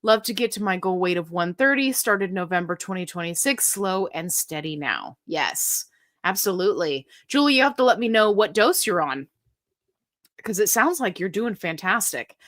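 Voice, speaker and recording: Woman, middle-aged, livestream host, casual chatty Q&A, reads comments aloud, lively and talkative. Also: mid-range voice, normal speed. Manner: chatty and animated, reads comments aloud, breaks into silly sung bits. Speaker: livestream host answering viewer questions. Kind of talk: casual live Q&A chat.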